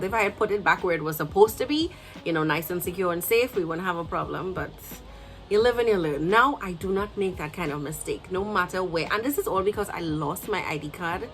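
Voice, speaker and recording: A young Trinidadian woman vlogger telling a storytime, animated and emotional, acting out what people said to her. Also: on the low side, poor audio. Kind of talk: storytime vlog.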